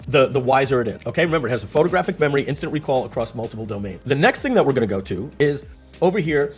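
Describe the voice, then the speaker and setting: A man's voice: on the high side, husky. A man giving a casual screen-share explanation, telling stories and asking rhetorical questions as he goes. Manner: animated, storytelling, rhetorical questions. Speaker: tech explainer.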